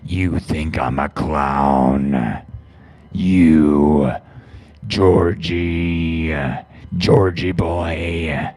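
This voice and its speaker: A man voicing a menacing, child-eating male clown who taunts slowly in a deep growl. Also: steady tone, a little mellow, very echoey, big-room sound, heavily acted. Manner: slow, drawn-out taunting.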